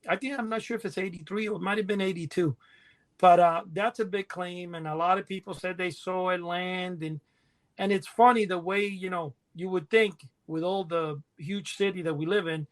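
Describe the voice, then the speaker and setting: A middle-aged man co-hosting a podcast, telling rambling stories in a casual, animated way and laughing as he goes. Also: high-pitched. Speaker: podcast co-host. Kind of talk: casual storytelling chat.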